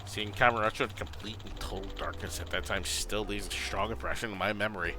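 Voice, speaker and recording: A man's voice: on the low side, steady tone, fast talker, background noise, lightly acted. A man voicing a weary, reflective middle-aged ex-gangster, reading game dialogue aloud in a subdued, thoughtful way. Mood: solemn.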